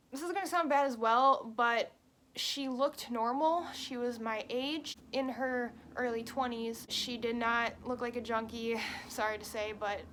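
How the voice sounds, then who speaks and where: A young woman in her twenties tells a story in a casual, chatty way. Her voice sits a little high, and she rambles and restarts her sentences as she goes. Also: a bit bright, slight background noise. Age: 20s. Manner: rambling, self-correcting, chatty. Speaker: vlogger.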